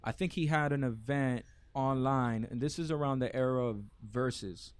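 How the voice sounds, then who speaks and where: A man's voice: medium pitch, moderate pace, smooth, no echo. Profane storytelling man from Miami. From Miami, Florida. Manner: profane, storytelling, mimics others' voices. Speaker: podcast guest, event organizer. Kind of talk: casual podcast chat.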